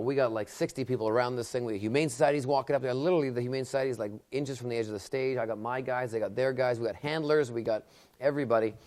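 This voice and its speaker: A man working as a magician, telling a story in a casual interview with animated, sudden bursts of excitement. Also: medium pitch.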